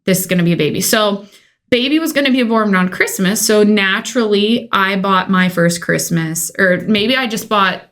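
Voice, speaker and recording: A woman's voice: mid-range voice, moderate pace, a bit bright. A woman in her thirties shares her own adoption story on a podcast. She talks in a casual, emotional storytelling way and slips into the voices of her family when she quotes them.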